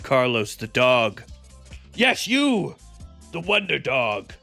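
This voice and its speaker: A man hosting a live stream and calling a wrestling match with bombastic, profane, jokey play-by-play and sudden shouted calls. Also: medium pitch, big pitch swings, slow pace, gravelly, soft background music.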